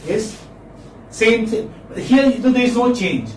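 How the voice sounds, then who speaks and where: A man's voice: very high-pitched, expressive, measured pace, darkish tone. A man teaching English phonetics in a classroom lecture, saying words again and again and quizzing his students. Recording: echoey classroom, distant mic, faint noise.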